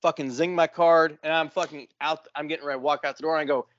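A podcast co-host telling a profane, exasperated story in casual chat. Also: male voice, a little high, fairly even intonation, fast, a bit bright, no room sound. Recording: dull, muffled dry sound.

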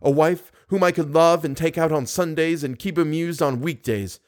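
A man's voice: fairly high pitch, normal speed, a little mellow, voice pushed up, lightly acted. A man voicing a menacing masked male phantom in a storybook reading, wheedling and mocking by turns. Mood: brooding. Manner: wheedling, mocking, sudden bursts of glee.

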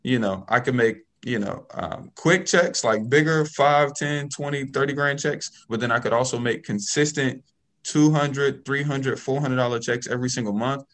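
Guy telling his real estate start story, casual and animated, keeps going "okay?". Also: medium pitch, normal speed. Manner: animated, checks in with "okay?" and "right?". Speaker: guest, real estate investor.

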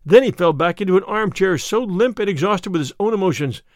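A man narrating an audiobook in a measured, lively way. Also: sits high, no room sound, studio quality. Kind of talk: storytelling narration.

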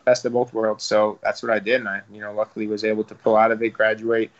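A young man talks fast in an even, flat tone, piling up fillers and casual swearing as an interview guest. The audio is a little dull and lo-fi. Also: lowish voice. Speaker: professional fighter and guest.

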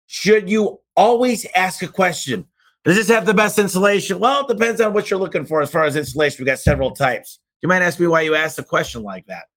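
Punchy, fast-talking man giving business advice. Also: a little high, lively intonation, a bit bright. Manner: punchy and emphatic, with sudden exclamations and mock-slow demonstrations; talks fast by his own account. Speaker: podcast host answering listener questions.

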